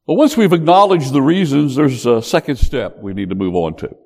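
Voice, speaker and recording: A man preaching a sermon in an animated, emphatic way. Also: mid-range voice, a little fast, vocal fry. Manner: animated, emphatic, acts out quotes.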